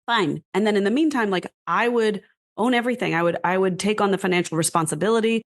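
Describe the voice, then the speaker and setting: A woman's voice: mid-range voice, quick pace. A woman from the United States, a guest in a casual interview, telling her story animatedly with frequent laughs and lots of "like.". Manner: animated, laughing, heavy use of "like". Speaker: guest, whisky brand founder.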